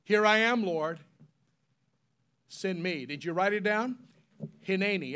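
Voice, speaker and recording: A man preaching a sermon, spelling words out slowly and leading the congregation in call-and-response, swinging from loud emphatic peaks to soft solemn tones. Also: high-pitched, smooth.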